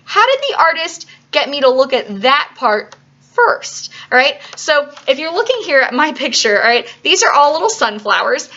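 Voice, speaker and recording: A woman gives a video art lesson for young children, talking in a chatty classroom manner and checking in with "right?" and "okay?" as she goes. Her voice sits a little high and sounds bright and crisp. The recording is slightly dull and lo-fi. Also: big pitch swings, normal speed. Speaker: art teacher.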